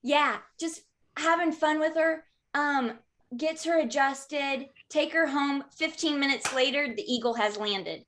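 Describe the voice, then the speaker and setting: A woman in her thirties, a podcast guest, telling stories in a lively way with frequent "um" fillers. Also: sits high, unhurried. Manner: lively, frequent "um" fillers, acts out quoted voices. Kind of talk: conversational storytelling.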